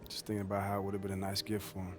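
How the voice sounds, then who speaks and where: An actor playing a young basketball pro who speaks in a subdued, reflective way in a video game cutscene. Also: male voice, sits low, monotone, racing, close to an everyday voice. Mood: somber. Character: young male basketball pro, grieving son. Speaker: basketball player. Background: music.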